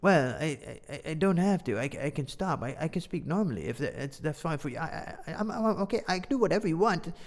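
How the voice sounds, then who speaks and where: A man voicing an excitable young male friend in a put-on Italian accent, high and sing-song, eager to please. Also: fairly quick, hardly any pauses. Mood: flustered. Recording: long reverb.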